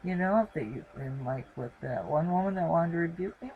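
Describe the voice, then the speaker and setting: With phone-quality sound and slight background noise, a middle-aged woman closes out her live stream from home, her dog on camera with her. Her voice sits on the low side, with lively intonation and a slightly fast pace, and she rambles with many fillers.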